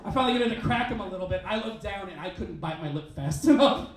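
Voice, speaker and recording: A male stand-up comedian telling a story on a comedy club stage, with an animated, punchy delivery and quick asides. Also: high-pitched. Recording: roomy club sound, mic at a distance.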